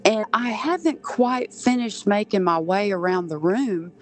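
An unhurried woman from Southern Georgia tells a personal experience as a podcast guest. Her voice sits at a middle pitch, and she speaks earnestly, acting out the voices she overheard. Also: lively intonation. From Southern Georgia, USA. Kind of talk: personal storytelling.

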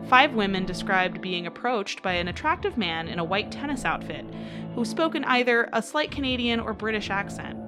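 A woman co-hosting a true crime podcast. She reads her case notes steadily, then chats, laughs and acts out what people said. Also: medium pitch. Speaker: podcast co-host.

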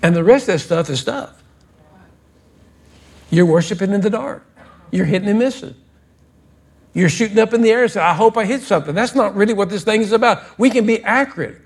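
A male pastor with a notably high voice preaches in a church. His delivery is scolding and fervent, swinging from low rebukes to loud, insistent calls. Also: brisk, pauses often, breathy edge. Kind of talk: sermon. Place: church sanctuary.

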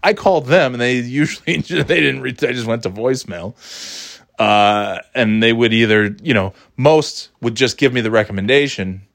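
A man's voice: mid-range voice, moderate pace, vocal fry, fairly bright tone, no echo. A man in his forties casually telling a personal anecdote, rambling and self-deprecating with frequent restarts. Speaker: storyteller.

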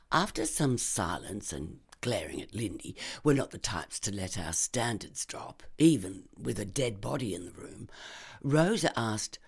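A woman narrating a crime short story with a wry, expressive delivery. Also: a bass voice, husky. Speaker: narrator and reader. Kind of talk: scripted reading of a crime story.

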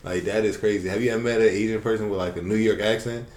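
A man's voice: lowish voice, steady tone, fast, a little mellow. A young man in casual chat, blunt and joking, with heavy slang. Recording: echoey room.

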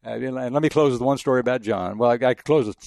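Older man from Texas, ex-sportswriter; quick, gravelly, rambling storyteller, dry sound. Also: mid-range voice, darkish tone, dry recording. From El Paso, Texas. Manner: fast, rambling anecdotes with many restarts. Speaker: retired sports journalist. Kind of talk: interview storytelling.

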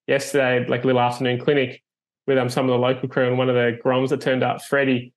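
A man hosting a casual chat as a foil coach, telling stories in a relaxed way with plenty of fillers. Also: medium pitch, fast. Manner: laid-back, storytelling with many fillers.

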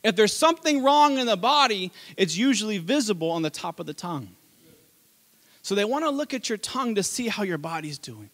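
A man preaching a sermon as pastor, telling a childhood story with animated delivery and laughter. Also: high-pitched, fairly quick.

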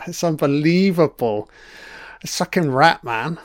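A man's voice: fairly high pitch, animated, slow, a bit bright, no room sound, studio quality. A man giving a casual, profane commentary while watching a TV series, chatty and reacting as he goes. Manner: sweary, chatty, reacting to the screen.

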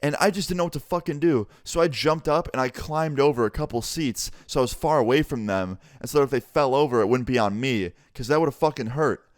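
Brief: young man, storytime vlogger, low-key and profane, dry close sound, average pitch. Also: fairly quick, few pauses, dry recording. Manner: laid-back, swearing, low-key delivery. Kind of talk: casual storytime vlog.

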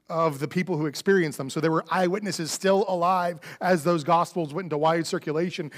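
A man with a fairly high voice preaches an Easter sermon in a church sanctuary. His delivery is conversational and animated, slipping into the voices of the people he quotes. The sound carries a long hall reverb. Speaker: pastor.

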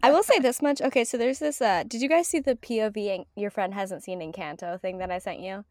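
A woman with a Southern US accent hosting a casual podcast chat, animated and quick to laugh. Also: medium pitch, dry recording, clean studio sound. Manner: animated, laughs often, fond of mimicking. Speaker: podcast host.

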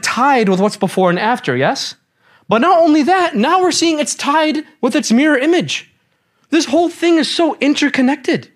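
A young man teaching a Quran class in a lively, casual way, quizzing his students as he goes. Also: sits high. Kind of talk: classroom lecture.

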